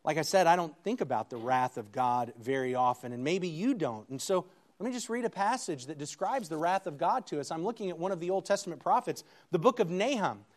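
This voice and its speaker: A man with a fairly high, expressive voice preaches a sermon, reading scripture aloud with slow, dramatic emphasis. At times he builds to loud, emphatic peaks.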